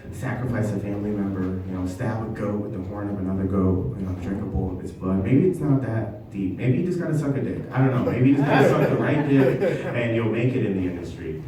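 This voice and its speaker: A man doing a stand-up comedy set in a basement venue, talking in a halting, self-deprecating way with many ums. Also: on the low side, a crowd in the background. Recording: echoey basement room, mic from far off.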